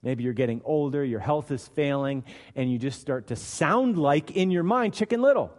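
A man preaching a sermon in a church hall, his voice trailing off in a long echo. He acts out the voices he quotes, rising to loud and dropping to hushed. His pitch sits in an ordinary middle range. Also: lively intonation, normal speed. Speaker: pastor.

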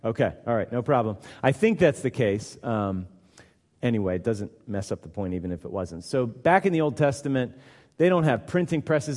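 A man's voice: mid-range voice, a little mellow. A male pastor teaches in a sermon, casual and explanatory, hammering points home by repeating words. His mid-range voice carries a long reverb from a large hall. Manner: conversational teaching with emphatic repetition.

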